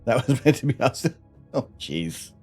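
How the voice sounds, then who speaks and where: A man's voice: medium pitch, very animated, moderate pace, darkish tone, soft background music. A middle-aged Canadian man hosting a live stream, chatty and self-mocking, laughing often as he reads out explanations and answers chat. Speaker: livestream host.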